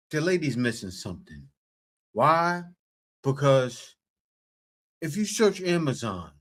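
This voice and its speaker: Guy reacting, slow and thinking out loud, lively up and down voice. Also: on the high side. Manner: measured, reasons aloud with pauses. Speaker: commentator. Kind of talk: reaction commentary.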